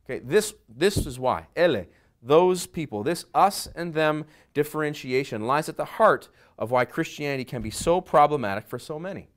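A middle-aged man, a pastor, preaching a sermon that swings between quiet asides and loud emphasis. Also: fairly high pitch, expressive, moderate pace.

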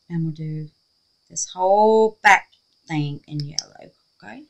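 A woman's voice: lowish voice, measured pace, a bit bright, slight background noise, rough recording. A middle-aged woman, hosting a resin craft tutorial and chatting to herself and her viewers as she works. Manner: chatty, talks to herself and viewers while working. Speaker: resin craft channel host. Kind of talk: casual crafting tutorial talk.

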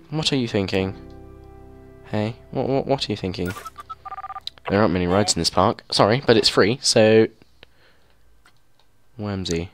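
A young man giving casual, excitable commentary as he plays a game and thinks aloud into a mic held very close to his mouth. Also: lowish voice, unhurried, pauses often, soft background music. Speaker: gameplay video host.

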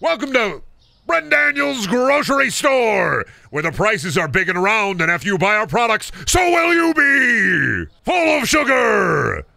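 A man voicing an over-the-top male grocery store announcer with a booming, theatrical sales pitch. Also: sing-song, measured pace, creaky, pushed and bright, dry recording, shouting, heavily acted. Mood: showy.

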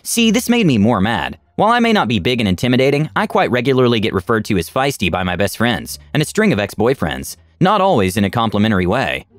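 A man narrating online stories in an expressive, scripted reading. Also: medium pitch, fast talker, hardly any pauses, no echo. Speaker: story narrator.

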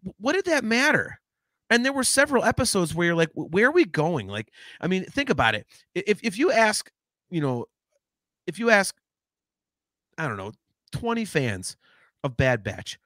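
A man co-hosting a podcast in casual chat, talking in an animated, rambling way with lots of restarts and swearing. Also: high voice, a little fast, no room sound, clean studio sound. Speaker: podcast co-host.

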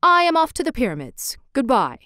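A woman's voice: high-pitched, wildly swooping pitch, a little fast, pushed and bright, no room sound, studio quality, full character voice. A woman voicing a vain, fussy little male swallow who chatters and gets straight to the point.

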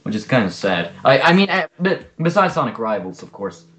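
Lively young man in casual chat. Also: medium pitch, fairly quick. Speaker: podcast co-host.

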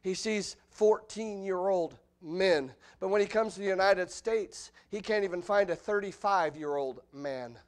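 A middle-aged man preaching an expository sermon in a church, animated, with the voice leaping up when acting out quotes. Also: high-pitched, unhurried, hardly any pauses. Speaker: pastor. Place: church sanctuary.

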